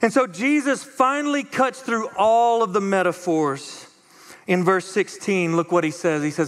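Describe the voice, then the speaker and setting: A man preaching a conversational, animated sermon as pastor, acting out the voices of the people he quotes. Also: a little high, moderate pace, long reverb tail. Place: church auditorium.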